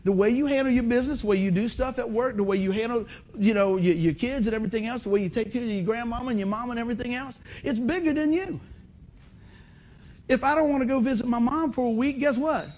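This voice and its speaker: A middle-aged man preaching a sermon in a folksy, animated way, acting out other people's voices. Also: very high voice, quick pace. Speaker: pastor.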